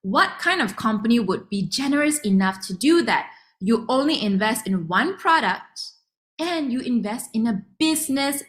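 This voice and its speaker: A young woman with a Malaysian English accent and a slightly high voice presents an online sales demo. She is chatty and lively, and she acts out her customers' lines as she goes.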